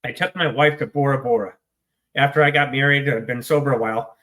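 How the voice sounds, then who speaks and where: Blunt, bright-voiced American man in recovery. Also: mid-range voice, steady tone, fairly quick. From United States. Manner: blunt, swearing, self-deprecating. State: choked up. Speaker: interview guest, author in recovery. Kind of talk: candid interview storytelling.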